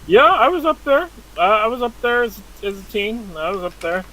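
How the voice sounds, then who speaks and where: A man's voice: high voice, sing-song, normal speed, noisy background. A man hosting a casual group chat who swears freely and teases the others bluntly.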